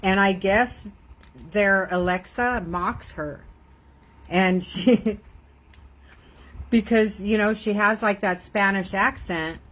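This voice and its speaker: A woman's voice: mid-range voice, takes it slowly, pauses often, fairly bright tone, rough recording. An older woman, a grandmother, chatting casually and rambling while she crafts on a live stream, laughing often.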